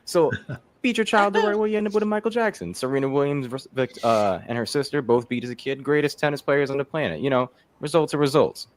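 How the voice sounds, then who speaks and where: A man's voice: medium pitch, expressive, fast talker. A man performing a stand-up comedy set, loose and profane, with lots of fillers. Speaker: comedian contestant.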